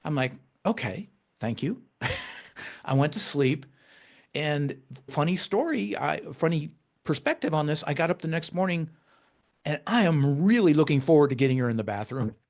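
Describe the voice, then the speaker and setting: A man, an author as podcast guest, telling a personal story in conversation, halting with frequent restarts and turning animated when he quotes himself. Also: a little high.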